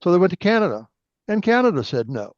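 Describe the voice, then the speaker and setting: A man's voice: high-pitched, sing-song, fast talker, dry recording. A man chatting over an online call, asking questions and drifting into long, rambling family stories. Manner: rambling, tangential storyteller. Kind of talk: casual conversation on a call. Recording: dull, dry online call audio.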